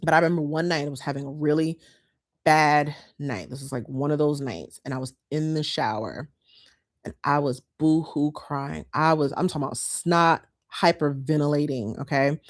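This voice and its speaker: A woman's voice: low voice, normal speed. A woman, chatting casually and heartfelt to her viewers as a lifestyle vlogger.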